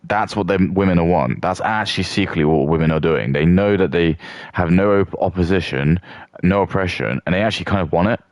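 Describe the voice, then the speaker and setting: A man's voice: low-pitched, brisk, no echo. A man ranting in a crude, rambling way as a streamer doing mock commentary. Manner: rambling, crude, with many restarts and fillers.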